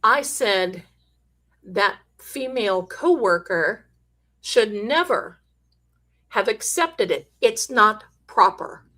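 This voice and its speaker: A woman's voice: medium pitch, animated, slow pace, pushed and bright. A woman hosting a live psychic stream, chatting emphatically and telling stories to her viewers. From Italian heritage. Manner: chatty, emphatic, drifts into quoted voices. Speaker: psychic livestream host. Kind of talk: live chat storytelling.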